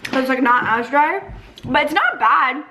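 A woman's voice: high voice, lively intonation, moderate pace, bright, forceful tone, slight background noise, low-quality recording. Chatty young woman vlogging while eating. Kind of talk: casual eat-with-me vlog chat.

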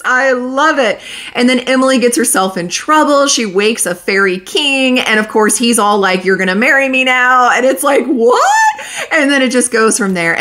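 A woman's voice: medium pitch, a bit bright. A woman chatting candidly through her monthly book wrap-up, laughing often as she reviews. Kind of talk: casual monthly reading wrap-up.

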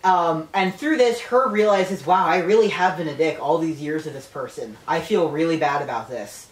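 A woman's voice: sits low, normal speed. Woman retelling a story, roomy and distant. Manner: animated, swearing, laughing. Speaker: podcast co-host retelling a novel. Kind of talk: casual storytelling chat. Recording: roomy, off-mic.

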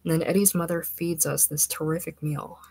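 Young fiancé, slangy and self-satisfied, husky and low; woman reader doing him. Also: fairly even intonation, fairly quick, darkish tone, no room sound, full character voice. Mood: easygoing. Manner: casual slangy talk. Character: young working-class man, beery, complacent fiancé.

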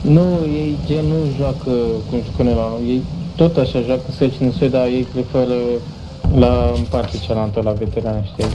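A relaxed man talks casually while he plays, his voice at an ordinary middle pitch. Loud gunfire and game sounds fill the background. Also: fairly quick. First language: Romanian. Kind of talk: casual chat while gaming. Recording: loud game noise behind.

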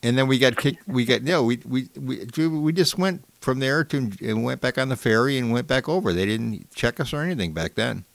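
A man's voice: medium pitch, lively intonation, a little fast, creaky, few pauses, no echo. A man in his fifties from Michigan, a host who rambles through stories and laughs easily in casual chat.

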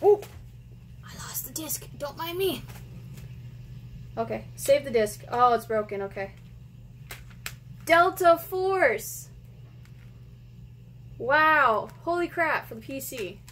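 Woman gushing thru a game unboxing, kinda high voice, faint hiss behind her. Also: a little slow, long pauses, low-quality recording. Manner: excitable, gushing, often squealing and laughing. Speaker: gaming channel host. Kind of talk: casual unboxing vlog.

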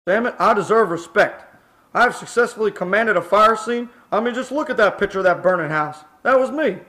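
A man's voice: sits high, a little fast, sharp tone. A man's synthesized voice playing a pompous one-eyed fire station commander who demands respect. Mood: defensive.

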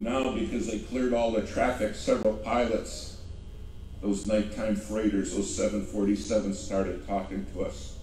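Male pastor, deep voice, dramatic sermon storyteller, heard from a distance in a very reverberant sanctuary. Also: little pitch movement, measured pace. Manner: dramatic storytelling, emphatic repetition. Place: large echoey church sanctuary. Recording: very echoey hall from a distance, music underneath. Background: soft background music.

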